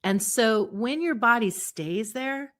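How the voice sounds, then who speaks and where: Animated woman psychologist explaining. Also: on the high side, slow. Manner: animated, acts out little voices and examples. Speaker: psychologist guest. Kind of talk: explanatory interview talk.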